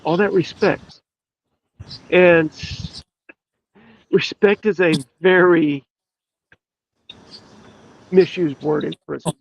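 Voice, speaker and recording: A man, a podcast guest, telling a story in an earnest, emphatic way with drawn-out pauses. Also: a little high, fairly even intonation, gravelly, slight background noise. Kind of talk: storytelling in casual chat. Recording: dull, lo-fi dry sound.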